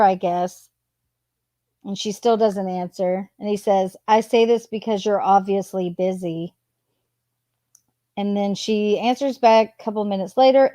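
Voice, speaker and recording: A woman hosting her channel, reading text messages aloud in a plain, unhurried way and adding casual asides between them. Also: medium pitch, darkish tone, no echo. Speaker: channel host.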